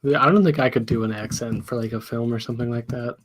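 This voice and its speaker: A man's voice: medium pitch, fast. A man chatting as a guest on a casual podcast, telling stories about his girlfriend.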